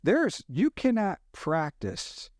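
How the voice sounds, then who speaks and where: Middle-aged man spinning animated hunting stories. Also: high-pitched, slow, no echo, studio quality. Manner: animated hunting yarns with sound effects. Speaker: podcast guest. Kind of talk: casual storytelling.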